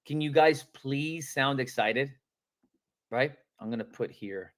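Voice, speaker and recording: A man coaching real estate agents on a live-streamed sales training, talking in energetic, casual slang and acting out phone calls. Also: fairly high pitch, measured pace.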